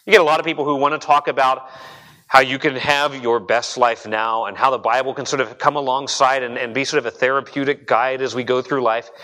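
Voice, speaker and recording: A man's voice: a little high, bright, forceful tone, in a large hall, rough recording. A young adult man preaching a sermon as pastor, conversational and earnest, often repeating words as he builds a point. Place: church sanctuary.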